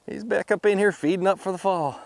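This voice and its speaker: A man hosting a fishing video from a boat outdoors, excitable and quick to laugh, talking to the fish as he reels them in. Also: high-pitched, gravelly, dry recording. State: out of breath.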